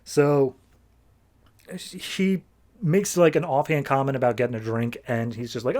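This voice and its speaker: A man's voice: mid-range voice, steady tone, a little mellow. Chatty man recapping comics. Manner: loose and chatty, heavy on "like", paraphrases characters in quick asides. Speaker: podcast host reviewing comics.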